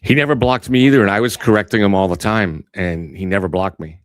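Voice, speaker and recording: A man hosting a live stream, chatting in a measured way and repeating words as he starts. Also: low voice, no room sound. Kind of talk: casual chat.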